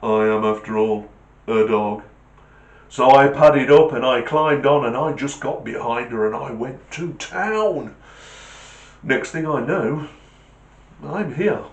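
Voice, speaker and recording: A man's voice: medium pitch, slow pace, long pauses, echoey room, highs cut off. A man doing a big sly Great Dane.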